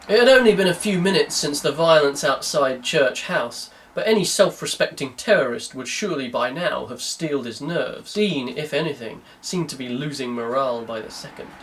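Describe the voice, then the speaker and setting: A man's voice: on the high side, fairly bright tone. A man reading a novel aloud with sardonic running commentary, mocking the text. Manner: sardonic, breaks into laughter and mock voices. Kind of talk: comedic drunk book reading with commentary. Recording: distant mic with faint noise.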